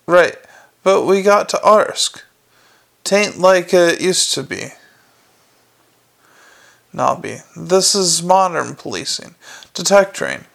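A man's voice: high voice, lively intonation, slow pace, gravelly, pauses often, a bit bright, heavily acted. A man voicing an aging, self-important city watch sergeant, rambling and folksy. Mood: lecturing. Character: aging male city watch sergeant, pompous, set in his ways.

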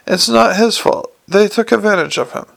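Brief: male reader as an indignant prim lady, gravelly underneath, close and dry. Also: high voice, normal speed, fairly bright tone, no room sound, pitched above the performer's own voice, exaggerated voice. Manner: outraged, protective. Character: indignant prim middle-aged woman clerk.

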